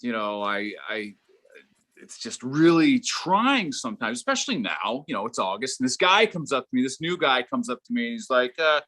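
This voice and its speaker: A middle-aged man doing a stand-up comedy set, rambling and halting, with lots of fillers and restarts. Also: medium pitch, very animated, pushed and bright.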